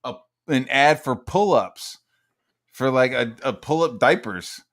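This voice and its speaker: Dude swearing a lot and rambling thru stories on a chill talk show, normal mid pitch. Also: male voice, measured pace. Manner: profane, rambling, animated storytelling. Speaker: podcast host. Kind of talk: casual chat.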